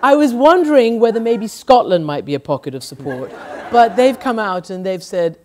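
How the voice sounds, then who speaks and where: A woman's voice: medium pitch, big pitch swings, moderate pace, darkish tone, slight background noise. A middle-aged woman journalist in an onstage conversation, talking emphatically with frequent restarts and "you know". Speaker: journalist, lecture guest.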